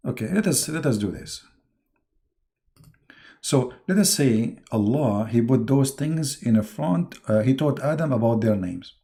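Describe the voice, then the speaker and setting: A man with a gravelly, dark voice talks through a livestream in a mocking tone. He halts often, fills the gaps with fillers and keeps slipping into put-on voices. His pitch sits in the middle range for a man. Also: lively intonation. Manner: mocking, halting, with many fillers and sudden jumps into put-on voices. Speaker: online religious debater and host.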